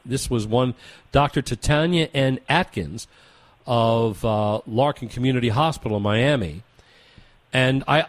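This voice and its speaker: A man's voice: medium pitch, dry recording. A man hosting a talk radio show, delivering opinionated commentary with emphatic, rhetorical repetition.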